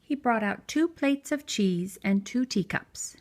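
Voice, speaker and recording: Slow, expressive woman reading a storybook. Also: on the high side. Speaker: children's story reader. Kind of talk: read-aloud storytelling for preschoolers.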